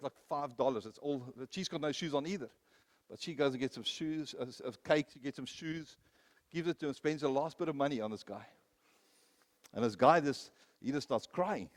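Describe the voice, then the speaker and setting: A man preaching a sermon, telling personal stories, rising to loud, emphatic peaks and then dropping low. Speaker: pastor.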